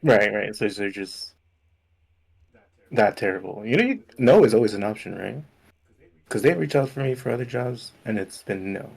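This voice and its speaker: A man's voice: lowish voice, expressive, moderate pace, vocal fry, long pauses, darkish tone, slightly rough, exaggerated voice, rough recording. A man voicing a grumpy male adventurer who mocks the captain sarcastically. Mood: sarcastic. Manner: mocking, sarcastic.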